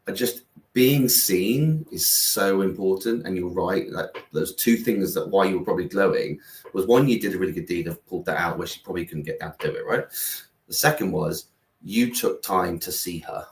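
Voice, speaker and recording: A middle-aged man, a guest founder, talking in a rambling, earnest way full of fillers and restarts. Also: deep voice. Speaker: guest, founder of a kindness platform. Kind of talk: casual conversation. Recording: roomy, distant mic.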